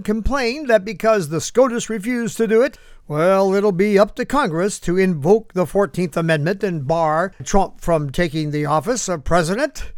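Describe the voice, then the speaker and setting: Male commentary host, high voice, sarcastic asides, dry close sound. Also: no echo. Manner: sarcastic, talks back to an unheard listener. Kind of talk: political commentary.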